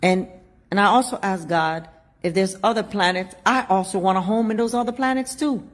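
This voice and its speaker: A woman with a Haitian accent, telling a personal story in casual chat, laughing often and swinging from loud to hushed. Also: medium pitch, normal speed. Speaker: show host.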